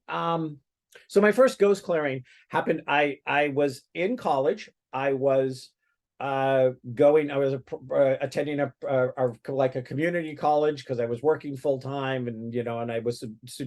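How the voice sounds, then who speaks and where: A man's voice: mid-range voice, steady tone, normal speed, a little mellow. Podcast guest, man, chatty storyteller, trips over his words. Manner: rambling, many restarts and fillers. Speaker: guest psychic medium. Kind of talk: casual storytelling.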